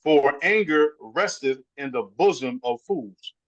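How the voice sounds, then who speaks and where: A man reading Bible verses aloud in a measured way during a sermon. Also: a little high, expressive. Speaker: scripture reader. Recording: dull lo-fi recording.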